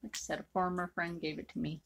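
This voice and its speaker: A woman's voice: on the low side, little pitch movement, fast, creaky, fairly bright tone, slight background noise. A woman artist chatting bluntly and rambling with many fillers while she draws. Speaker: artist drawing on camera. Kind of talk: casual chat while drawing.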